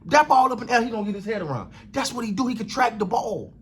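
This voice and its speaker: A man's voice: extremely high pitch, expressive, fast talker, slightly rough. A man hosting a sports channel, giving a casual, emphatic reaction rant, repeating phrases and using slang. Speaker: sports commentary host.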